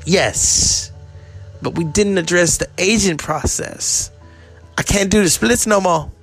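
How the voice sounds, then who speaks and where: A man's voice: sits high, slow, faint music behind, pitched above the performer's own voice. A man voicing an aging male soul singer who pleads to get his youth back, in a raised, strained voice. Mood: pleading.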